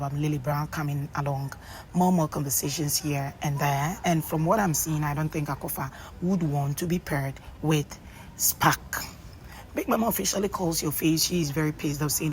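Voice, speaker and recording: A woman's voice: deep voice, fairly even intonation, moderate pace, a little hiss or hum, poor audio. A woman casually recapping a reality show, chatty and full of ums and pidgin asides.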